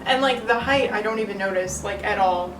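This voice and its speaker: A young woman vlogging casually in her bedroom, gushing and excitable as she unboxes and tries on shoes. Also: mid-range voice, brisk, background noise.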